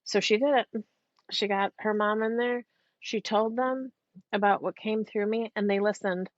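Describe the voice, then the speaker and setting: A woman psychic medium, a podcast guest, telling a story in a chatty, animated way, now and then swearing casually. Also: medium pitch, moderate pace, no echo. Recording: dull, dry lo-fi podcast audio.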